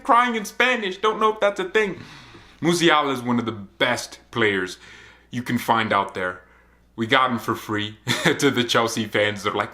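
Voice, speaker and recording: A young man gives casual football commentary for his fan vlog. His delivery is joking and animated, and his voice has a bright, forceful ring. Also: mid-range voice, normal speed. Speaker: football channel host.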